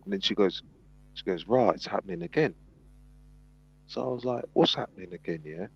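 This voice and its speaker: Deep gravelly storyteller man. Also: fairly quick. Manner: animated storyteller, acts out quotes. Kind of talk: casual storytelling. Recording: dull lo-fi sound.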